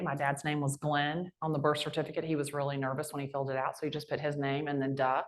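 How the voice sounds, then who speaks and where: A woman with a low voice and a brisk pace is a guest speaker at a sales rally. On stage, she tells brash, lively, folksy stories.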